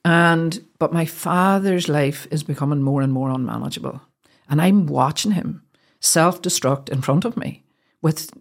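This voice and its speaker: A woman's voice: low-pitched, normal speed. Earnest Northern Irish woman telling her story. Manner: earnest, heartfelt, with frequent restarts. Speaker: guest. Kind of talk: personal storytelling.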